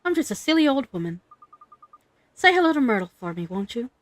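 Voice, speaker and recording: A woman's voice: on the high side, sing-song, a little fast. A woman voicing a chatty, sympathetic old woman neighbor, reading game dialogue aloud in a fussy, gossipy way.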